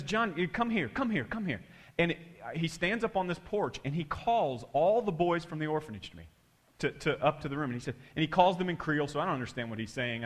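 A man preaching a sermon through an animated, emphatic personal story. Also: fairly high pitch. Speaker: pastor.

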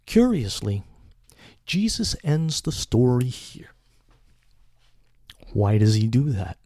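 A man preaching a sermon in a measured, deliberate way. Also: medium pitch, sing-song, warm tone, dry recording, studio quality.

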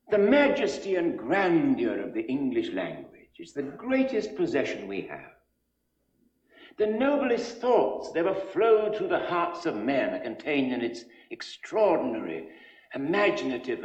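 An actor playing a demanding middle-aged language professor who lectures grandly. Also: male voice, a little high. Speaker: phonetics professor in a film. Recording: muffled, echoey 1960s film soundtrack.

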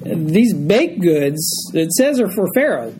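A man's voice: fairly high pitch, big pitch swings, takes it slowly, background noise. A man teaching a group Bible study, explaining a passage verse by verse and often checking in with his listeners.

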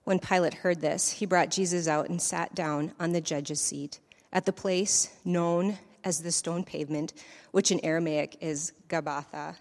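A woman reading the creed and scripture aloud in church at a measured, deliberate pace. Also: lowish voice, fairly even intonation, long reverb tail. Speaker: lay scripture reader.

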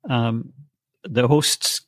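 Middle-aged man, psychic guest; halting, restarts often, wry chuckles; dry close mic. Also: mid-range voice, fairly bright tone, no room sound. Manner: hesitant, many fillers and restarts, wry chuckles. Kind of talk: conversational storytelling.

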